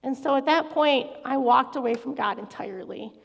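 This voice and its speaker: A woman's voice: high voice, moderate pace, vocal fry. A middle-aged woman giving an earnest, confessional personal faith testimony as a guest speaker in a large hall. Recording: echoey hall reverb.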